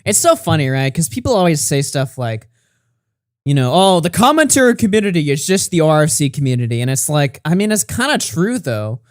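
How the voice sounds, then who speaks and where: A young man doing casual livestream commentary, his pitch leaping all over as he laughs and mocks what he reads. The sound is dry and close, with no room around it. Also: sing-song, a little fast, no room sound. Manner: reads messages aloud with mocking asides and frequent laughter. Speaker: commentary streamer.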